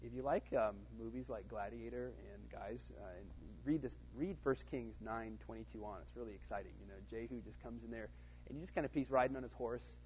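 A man's voice: medium pitch, fairly quick, darkish tone, dull audio, a little hiss or hum. A man teaching a casual Bible study in a conversational way, with fillers and frequent "right?" check-ins to his listeners.

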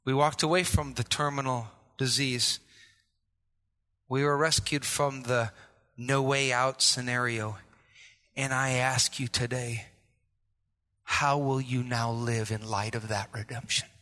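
A man preaching a sermon as a pastor, impassioned and rising to shouts. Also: medium pitch, fairly even intonation, slow, pauses often, in a large hall.

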